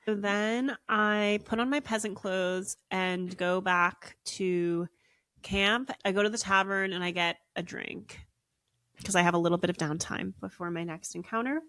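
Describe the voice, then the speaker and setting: A woman's voice: medium pitch, unhurried, clean tone, dry recording, clean studio sound. A young woman hosting a podcast, telling a long story in casual chat with lots of "like" fillers. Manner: animated, frequent "like" fillers. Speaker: podcast co-host.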